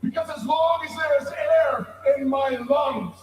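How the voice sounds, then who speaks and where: A male pro wrestler cutting a menacing, deliberate arena promo that bursts into shouts. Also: very high-pitched, slight background noise. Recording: echoey arena from far off.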